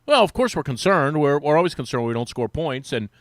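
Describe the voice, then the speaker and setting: A man on sports radio telling a long anecdote in casual chat, acting out the quotes with a rising, lively voice. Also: a little high, fairly quick, no echo. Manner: animated, acts out quotes with rising voice. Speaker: sports radio guest, former team reporter. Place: radio studio.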